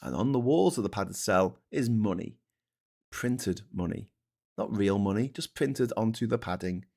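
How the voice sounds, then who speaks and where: A man's voice: lowish voice, measured pace, a little mellow. A middle-aged man with a Liverpool accent hosting a show, ranting sarcastically about politics, swearing and restarting his sentences. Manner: sarcastic, swears freely, mocks people in put-on voices; stammering restarts. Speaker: show host.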